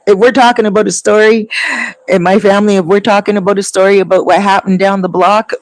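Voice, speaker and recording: A woman's voice: mid-range voice, fairly even intonation, quick pace, a little mellow, no echo, poor audio. Long-winded woman vlogger, casual chat. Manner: rambling, self-described long-winded.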